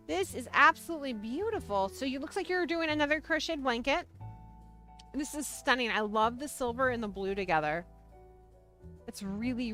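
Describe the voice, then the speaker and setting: A woman's voice: fairly high pitch, pushed and bright. A woman hosting a casual livestream, bubbly and playful, chatting straight to her viewers. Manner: bubbly, playful, talks to chat. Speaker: livestream host.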